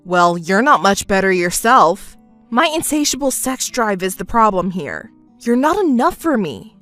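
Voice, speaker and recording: A woman's voice: mid-range voice, big pitch swings, unhurried, a bit bright, no echo, soft background music. A woman voicing a smug, crude, cheating husband in a text-story voice-over, speaking dismissively.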